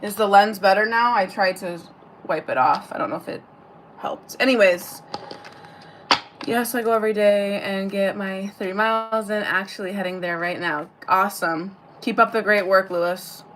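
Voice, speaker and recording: A woman's voice: medium pitch, steady tone, normal speed, a bit bright, slight background noise. A woman giving a casual live-streamed tarot reading. She chats, swears freely and answers viewer comments aloud between card pulls. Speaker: tarot reader.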